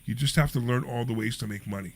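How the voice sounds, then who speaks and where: Brief: male radio host, mid pitch, rambling, emphatic finance chat. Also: fast. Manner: rambling, emphatic, repeats himself. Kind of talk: casual talk radio chat.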